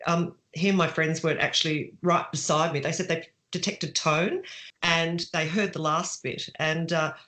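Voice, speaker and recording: A woman's voice: low-pitched, fairly even intonation, normal speed, a bit bright. A middle-aged woman author answering interview questions in a chatty way, with fillers and restarts. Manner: chatty, with fillers and restarts, laughs while telling stories.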